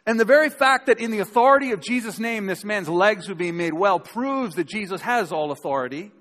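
A man's voice: high-pitched, expressive, fairly quick, a bit bright. A man preaching a sermon in a conversational way, acting out the people he quotes. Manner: conversational, acts out quoted speakers. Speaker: pastor. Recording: long hall reverb.

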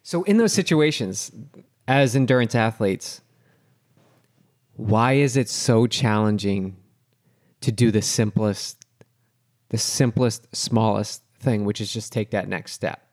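A man's voice: fairly low pitch, slow pace, long pauses, a little mellow. A man hosting a podcast, asking thoughtful questions that he rephrases as he goes. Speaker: podcast host. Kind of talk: interview questions.

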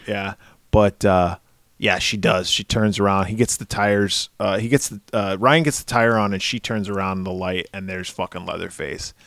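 A man's voice: lowish voice, normal speed, dry recording, studio quality. A man co-hosting a podcast, casually recapping a horror movie with profanity and acted-out character voices. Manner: animated, profane, acts out characters in exaggerated voices. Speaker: podcast co-host.

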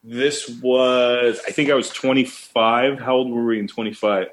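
A man's voice: mid-range voice, a little slow. A man in his thirties co-hosting a casual chat, telling an anecdote and acting out the quoted voices. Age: 30s. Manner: animated storyteller, acts out quotes. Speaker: podcast co-host.

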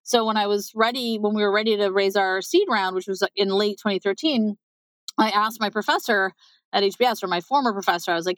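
A woman startup founder being interviewed, talking quickly with lots of fillers and acted-out quotes. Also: mid-range voice, no echo, rough recording. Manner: fast, animated, many fillers and quoted asides. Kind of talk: conversational interview.

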